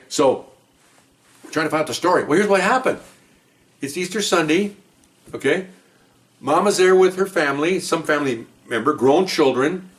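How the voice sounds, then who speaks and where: An older man, a retired police officer, telling a rambling, animated story about his early days on the job. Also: a little high. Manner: rambling, animated, acts out quotes. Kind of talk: casual storytelling.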